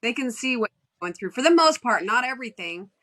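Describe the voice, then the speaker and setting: Woman, interview host, affirming, gentle follow-up questions, forceful bright tone. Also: on the high side, animated, brisk. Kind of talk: conversational interview.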